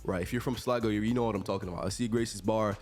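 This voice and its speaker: An eighteen-year-old man hosting a podcast, telling stories from college in a chatty, animated way and laughing often. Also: on the low side, racing, faint music behind. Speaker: podcast host, college student. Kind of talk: casual storytelling.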